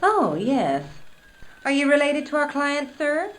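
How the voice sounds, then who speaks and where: Stern receptionist, prim, officious, lively pitch. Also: female voice, measured pace, poor audio. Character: hassled, stern female clinic receptionist.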